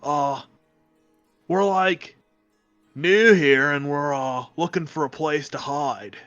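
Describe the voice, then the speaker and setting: A laid-back male player speaks slowly and in a friendly way during a tabletop game, his voice a little higher than most men's. The sound is dull and lo-fi, close and dry, with faint music under it. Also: a bit bright, clear, resonant tone, no room sound. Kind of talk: in-character tabletop role-play.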